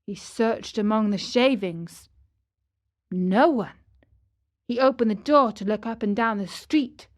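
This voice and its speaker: A woman narrating a children's audiobook in a slow, gentle storytelling manner. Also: medium pitch.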